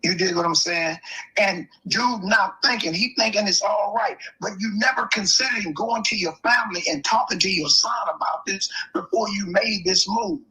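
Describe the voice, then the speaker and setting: A man in a casual chat, giving measured, opinionated commentary. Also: high voice, sharp tone, rough recording.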